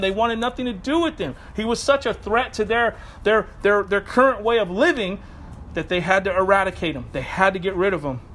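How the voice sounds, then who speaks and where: A man with a notably high voice delivers a sermon outdoors, talking in a loose, conversational way with quick asides and self-corrections. There is faint noise in the background. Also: rough recording. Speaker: preacher.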